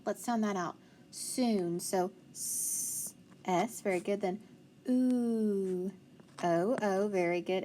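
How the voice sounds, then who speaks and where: A woman teacher slowly leading a phonics spelling lesson, patiently sounding out letters and praising answers. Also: medium pitch, a bit bright, slight background noise.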